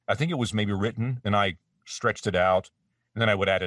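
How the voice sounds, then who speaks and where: Deep-voiced man rambling in a home studio. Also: brisk, sharp tone, no echo. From Canada. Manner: rambling and self-deprecating, many restarts. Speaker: voice actor guest. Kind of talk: casual interview chat. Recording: dry, slightly distant mic.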